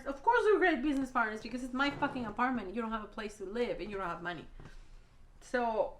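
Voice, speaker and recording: A woman's voice: on the high side, animated, quick pace, reverberant, slight background noise. A woman telling an emotional storytime vlog, blunt and rambling, swearing a lot, a native Spanish speaker talking in English. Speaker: vlogger.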